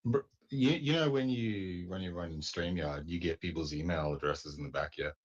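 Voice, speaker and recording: A man's voice: low-pitched, moderate pace, slightly rough. A man on a livestream panel speaking in a laid-back, casual way. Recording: lo-fi stream audio.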